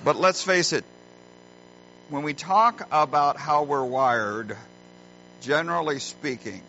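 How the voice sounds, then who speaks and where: A middle-aged man preaching a sermon as a pastor, earnest and folksy, telling stories with deliberate pauses, recorded in a church. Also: fairly high pitch, bright, forceful tone. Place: church sanctuary. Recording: muffled lo-fi recording with faint hum.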